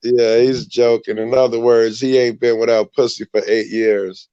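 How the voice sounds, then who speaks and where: A man on a livestream reacting to jokes with a slow, amused drawl. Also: mid-range voice, little pitch movement, dark tone, clear, resonant tone, no room sound, highs cut off. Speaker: livestream guest, listener.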